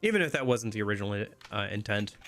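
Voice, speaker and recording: A man's voice: lowish voice, lively intonation, fast, a bit bright, soft background music. A man casually commenting while he plays a video game, rambling with many fillers. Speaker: streamer playing a game. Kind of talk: casual let's-play commentary.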